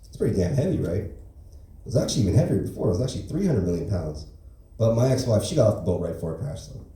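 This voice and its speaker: Stand-up man, open mic, dark low voice, rambling deadpan delivery, echoey far-off club sound. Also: very fast. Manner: rambling, filler-heavy, deadpan. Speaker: stand-up comedian. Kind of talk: stand-up comedy set.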